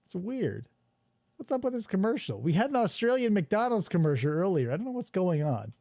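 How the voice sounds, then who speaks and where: A man's voice: high voice, sing-song, a little fast, dark tone. A man hosting a podcast, riffing in casual chat and swearing freely. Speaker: podcast host.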